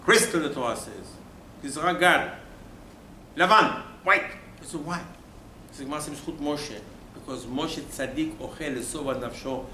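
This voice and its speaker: Here the rabbi speaks at normal speed in a fairly high voice with a sharp tone, pressing his Torah sermon emphatically. He peppers listeners with rhetorical questions and falls suddenly to a near-whisper, in a roomy room with faint background noise.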